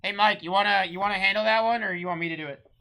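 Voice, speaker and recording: A man hosting a live-streamed trading card break, rattling off pulled cards, shouting out big hits and bantering with chat. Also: high-pitched. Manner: rapid-fire calling of card names, shouting big hits; chatty, teasing banter with chat.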